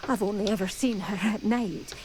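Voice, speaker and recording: A woman with a soft Scottish accent voicing a gentle woman in a video game who dotes on a rare bird. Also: medium pitch, moderate pace, noisy background, close to an everyday voice. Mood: earnest. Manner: soft, doting, earnest. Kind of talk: game character dialogue.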